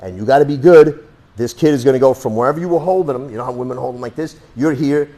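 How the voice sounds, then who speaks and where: A man's voice: mid-range voice, quick pace, warm tone. Blunt, streetwise male self-defense instructor. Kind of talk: hands-on demonstration lesson.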